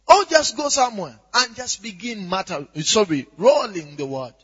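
A man preaching a sermon with lively swings from quiet asides to shouts, often asking if the crowd is with him. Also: high voice, normal speed, few pauses, slightly rough. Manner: animated, rising to shouts, asks "are you with me?". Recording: dull echoey hall recording.

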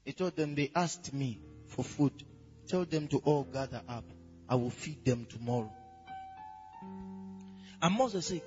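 A man preaching a sermon, measured and then rising to loud, high-pitched exclamations. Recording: dull sound in a reverberant hall with faint music.

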